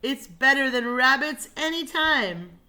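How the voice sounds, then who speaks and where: A woman voicing a hungry, greedy but polite young male lion in a storybook, with loud, drawn-out exclamations. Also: on the low side, big pitch swings, heavy background noise. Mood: excited.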